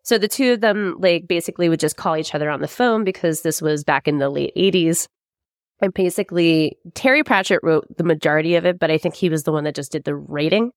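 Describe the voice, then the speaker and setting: Woman co-host, casual storyteller, salty and giggly, lower voice, dry room. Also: fast talker, no echo. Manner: chatty storyteller, swears freely, laughs often. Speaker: podcast co-host. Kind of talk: casual chat.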